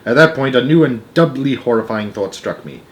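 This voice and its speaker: A young man reading a children's novel aloud, expressive, with small slips and restarts. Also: medium pitch, brisk. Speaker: storyteller.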